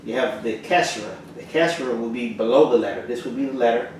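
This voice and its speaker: A man leads a casual alphabet lesson, pausing often with fillers. He sits well back from the mic, so his voice rings in a very roomy space with steady background noise. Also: mid-range voice. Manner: halting, many fillers, slow and clear letter drills. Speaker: Arabic teacher. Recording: roomy echo from far off, audible noise.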